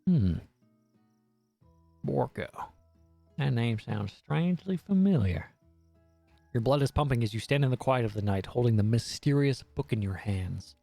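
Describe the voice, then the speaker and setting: A man's voice: medium pitch, measured pace, creaky, long pauses, dry recording, faint music behind. A man streaming a dating game, reading the text aloud with jokey, swearing commentary. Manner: animated, jokey, swears freely.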